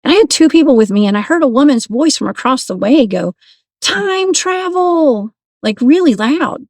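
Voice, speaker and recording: A woman's voice: high-pitched, fast talker, no room sound. Chatty woman. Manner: animated, laughs often, restarts sentences. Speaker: guest paranormal investigator. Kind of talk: casual storytelling.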